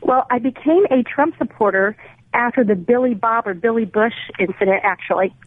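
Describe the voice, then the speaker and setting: A woman's voice: fairly high pitch, brisk, husky, no echo. A woman calling in to a radio talk show, hesitant at first and earnest in her views. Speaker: caller. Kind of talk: call-in radio conversation. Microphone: telephone. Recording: tinny phone line.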